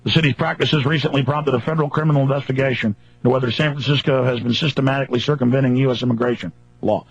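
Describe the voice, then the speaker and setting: A man's voice: medium pitch, steady tone, rapid-fire, vocal fry, slightly rough, no echo. A man hosting a talk radio show, ranting angrily and mockingly in long emphatic lists. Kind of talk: angry political radio rant. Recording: dull lo-fi radio broadcast.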